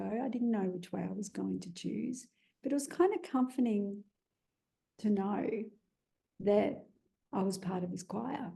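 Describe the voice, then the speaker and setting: A woman's voice: medium pitch, vocal fry, warm tone. An Australian woman earnestly recounting a personal experience, with frequent "you know" fillers. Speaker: guest telling her story. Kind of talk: personal storytelling.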